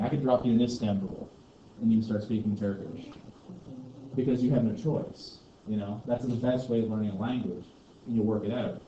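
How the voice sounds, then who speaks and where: Chatty teacher lecturing in an echoey classroom. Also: male voice, on the low side, dark tone. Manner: chatty, rambling, heavy on "you know" and "like". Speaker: history teacher. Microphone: distant room mic. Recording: roomy, distant, dull classroom recording with noise.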